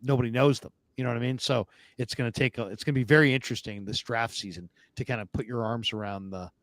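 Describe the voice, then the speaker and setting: A man's voice: mid-range voice, steady tone, quick pace, a bit bright, no room sound. Blunt sarcastic male co-host, dry sound. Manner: blunt, sarcastic, reads viewer comments. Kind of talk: live postgame basketball talk show.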